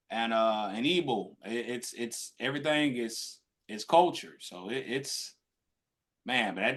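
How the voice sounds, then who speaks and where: Male podcast co-host, mid-pitched, loose rambling talker with lots of restarts. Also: fairly bright tone. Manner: rambling, with many restarts and trailing fillers. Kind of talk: casual chat on a live stream.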